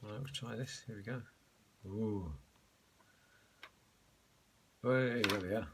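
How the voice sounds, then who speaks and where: A man's voice: lowish voice, normal speed. A man chatting casually to his viewers in a rambling vlog, calling them folks. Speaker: vlogger. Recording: background noise.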